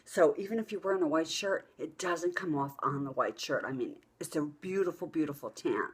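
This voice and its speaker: A husky, lower-pitched woman in middle age chats straight to her viewers. She tells stories bluntly and with plenty of profanity, animated and unfiltered. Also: fairly quick. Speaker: vlogger. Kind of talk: casual storytelling to camera.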